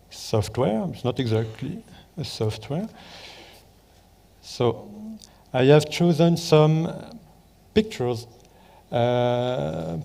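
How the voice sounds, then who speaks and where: A man with a French accent delivers a conference talk in careful, hesitant English, stopping often for fillers and self-corrections. His voice is mellow and rather dark. The sound carries the long reverb of a large hall. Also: medium pitch, creaky. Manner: hesitant, many fillers and restarts. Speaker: conference presenter. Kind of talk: conference talk with live demo.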